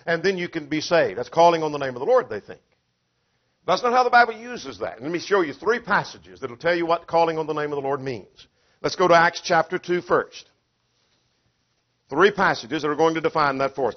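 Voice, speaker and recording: A man preaching an expository sermon, emphatic and driven by rhetorical questions, acting out the quoted voices. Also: fairly high pitch. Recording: dull lo-fi sound.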